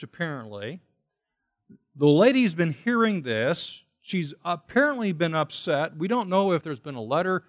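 A man teaching from the pulpit in a lively, swinging voice that sits somewhat high for a man. He leans hard on his key words, repeats them for stress and poses questions to his listeners as he works through the text. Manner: explains Greek terms, asks the listeners questions. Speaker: preacher. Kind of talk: expository Bible teaching sermon.

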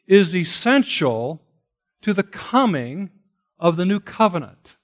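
A pastor teaching a Bible passage in a sermon, stressing key words and asking his listeners rhetorical questions. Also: sits high.

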